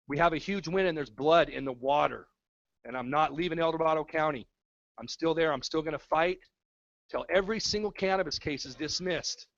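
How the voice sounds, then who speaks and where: A man with a slightly raised pitch delivers a fervent, repetitive rallying speech at a community town hall. The sound is dry and close, with a somewhat dull, low-fidelity tone. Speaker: activist speaking at a town hall. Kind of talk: impassioned public speech. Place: town hall meeting room.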